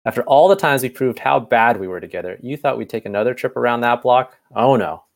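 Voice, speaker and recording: A man's voice: mid-range voice, fairly quick, gravelly, natural voice. A man reading the lines of a wisecracking grown man who teases his old friend, in an amateur fan fiction reading. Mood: teasing.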